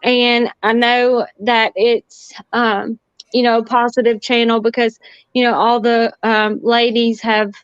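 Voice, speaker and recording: A shy woman, a guest on a livestream, speaking hesitantly with many pauses and ums. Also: on the high side, little pitch movement, clear, resonant tone, no room sound. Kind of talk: casual livestream talk. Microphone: computer or phone on a video stream. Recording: dull lo-fi stream audio.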